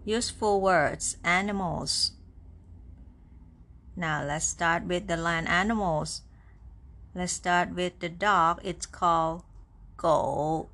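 A woman's voice: on the low side, extremely slow, long pauses, bright, forceful tone. A woman teaching beginner vocabulary, sounding out each syllable and repeating words patiently. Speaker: Chinese language teacher. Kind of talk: slow, deliberate vocabulary lesson.

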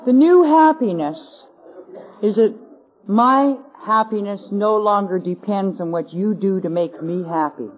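Captured on a dull, lo-fi 1980s convention tape, a Canadian woman gives a wry, self-mocking personal testimony at a recovery convention. Her voice is medium-pitched and her pace measured.

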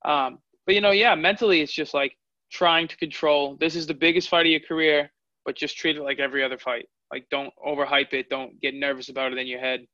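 Bright-voiced young man, dry lo-fi sound. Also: fairly high pitch, steady tone, a little fast, no room sound. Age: 20s. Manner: candid storytelling. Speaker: fighter. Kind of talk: interview answers. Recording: dull lo-fi audio.

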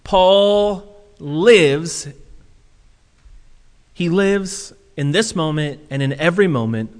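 A man preaching a sermon as pastor, animated and acting out quotes in shifting voices. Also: on the high side, slow. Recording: long hall reverb.

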